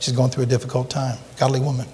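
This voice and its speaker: A man's voice: medium pitch, completely flat delivery, fast, warm tone, slight background noise. A male pastor preaching emphatically in a church, asking the congregation rhetorical questions. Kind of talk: sermon. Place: church sanctuary. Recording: long church reverb.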